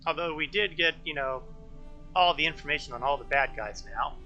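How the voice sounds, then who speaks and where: A man's voice: a little high, brisk, bright, forceful tone, muffled recording, soft background music. A man casually commenting while playing a game on a live stream, chatty and self-mocking as he thinks aloud.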